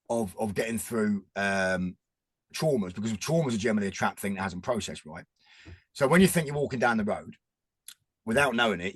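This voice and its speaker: Fast-talking husky man. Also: on the low side, dry recording. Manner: rambling, restarts often, earnest. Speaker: podcast guest. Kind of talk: casual chat.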